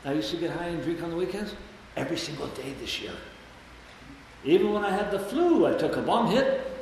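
A man in his twenties sharing his recovery story with a group, swearing freely and acting out voices with big jumps in pitch. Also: lively intonation, brisk, vocal fry, darkish tone. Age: 20s. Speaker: recovery meeting speaker. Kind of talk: personal recovery share to a group. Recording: very echoey hall with long reverb, faint background noise.

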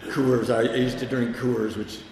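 A man's voice: mid-range voice, little pitch movement, measured pace, vocal fry, a little mellow, a little hiss or hum. A man telling a candid, self-mocking personal story about his past drinking, with wry humor. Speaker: speaker sharing a recovery story. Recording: echoey hall with long reverb.

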